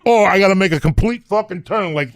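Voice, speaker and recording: A middle-aged man telling comic stories as a podcast guest, loud, ranting and foul-mouthed. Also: high voice, quick pace, no room sound, studio quality. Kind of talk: profane comic storytelling.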